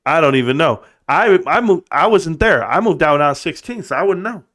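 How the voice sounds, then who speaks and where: A middle-aged man hosting a casual livestream, joking, laughing and swearing, then settling into a quieter tone to tell personal stories. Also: a little high, lively intonation, fairly quick. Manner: goofy, laughing, swearing, bursts of put-on voices. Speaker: livestream host.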